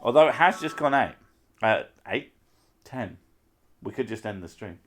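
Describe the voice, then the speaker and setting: A man's voice: mid-range voice, expressive, moderate pace, a bit bright. A man hosting a live stream, chatting casually and rambling through self-mocking asides.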